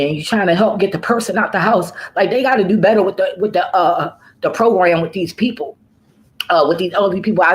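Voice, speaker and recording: A woman's voice: lowish voice, low-quality recording. A woman who works as a home care worker, talking casually in a vlog. She tells her story in a profane, rambling way, often trailing off and starting over.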